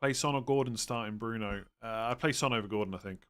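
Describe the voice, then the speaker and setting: A man's voice: medium pitch, clear, resonant tone. A man hosting a live stream, chatting casually and thinking aloud as he answers viewers' questions. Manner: relaxed, thinks aloud with fillers and quick verdicts. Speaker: livestream host answering fantasy football questions.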